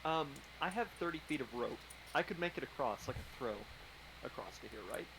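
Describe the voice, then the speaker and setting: A man playing a tabletop game, excitable and bantering defensively. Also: a little high, fairly quick, noisy background. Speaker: player. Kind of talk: casual tabletop play.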